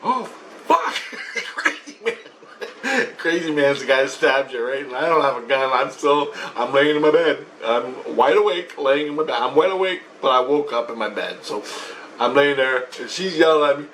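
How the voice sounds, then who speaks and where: A man's voice: medium pitch, fairly quick, fairly bright tone, far from the mic, a little hiss or hum, rough recording. A man telling a story about his spiritual experiences in a rambling, profane way. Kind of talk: casual storytelling monologue.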